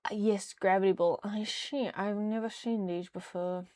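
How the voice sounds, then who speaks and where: A young woman streams and chats casually, rambling from thought to thought with plenty of fillers. Her voice sits in a middle pitch. It is recorded close on a desk mic, dry with no room sound. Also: steady tone, normal speed, a little mellow, dry recording. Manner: rambling, chatty, frequent fillers and laughs. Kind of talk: casual livestream chat.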